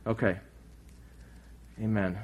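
This pastor's sermon comes in a fairly low, flat voice at a slow pace. Earnest throughout, he questions the congregation and swings from forceful declarations to hushed asides.

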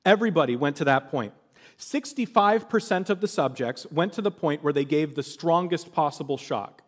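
A man's voice: fairly high pitch, animated, moderate pace, in a large hall. A man preaching a sermon, telling a story with animation and acting out the voices of the people in it.

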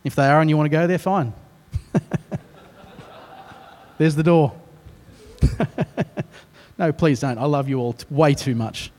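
A man with an Australian accent preaching a sermon as a pastor, telling the story in an animated way with self-mocking, joking asides. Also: a little high, a little slow, long pauses, big-room sound.

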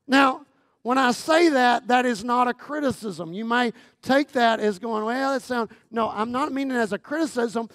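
A man preaching a sermon as guest pastor, talking in a humorous, conversational way with lots of repetition, going from loud emphatic lines down to near-quiet phrases. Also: extremely high pitch, moderate pace, no room sound, clean studio sound. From Texas.

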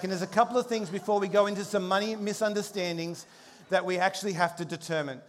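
A man preaching a sermon, telling a humorous story with animated shifts in pace and loudness. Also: high-pitched, quick pace, a faint crowd. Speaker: pastor.

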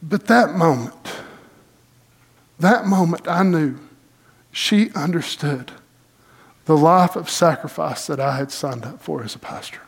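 A middle-aged pastor, preaching a sermon in an animated, folksy storytelling way with dramatic pauses. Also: male voice, fairly high pitch, creaky, breathy edge.

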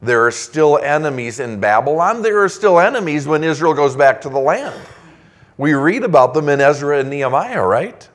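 A male pastor preaching a sermon, reading scripture aloud in an emphatic, conversational way. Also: medium pitch.

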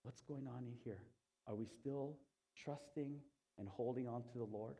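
A man preaching a sermon, telling a story with animation and swinging from loud to hushed, in a conversational way. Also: medium pitch, moderate pace, creaky, husky. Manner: conversational, asks the congregation "Okay?". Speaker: pastor.

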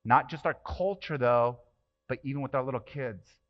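A man's voice: mid-range voice, moderate pace, dull audio. A man preaching a sermon as pastor, passionate and emphatic, with many rhetorical questions.

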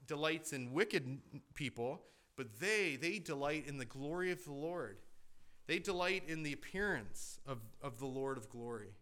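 A man preaching a sermon in a conversational way, asking the congregation questions and shifting between loud emphatic lines and quiet asides. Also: a little high. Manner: conversational preaching with rhetorical questions and repeated restarts. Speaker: pastor.

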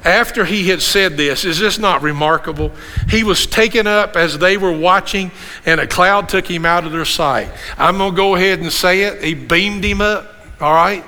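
A man in his sixties, a pastor preaching an animated sermon with rhetorical questions and repeated refrains. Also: high-pitched, normal speed. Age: 60s. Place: church sanctuary. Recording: long hall reverb in a church.

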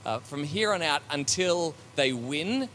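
A man's voice: a little high, lively intonation, unhurried, fairly bright tone, slight background noise. Conversational man preaching a sermon. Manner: conversational, with many fillers and restarts; reflective and searching.

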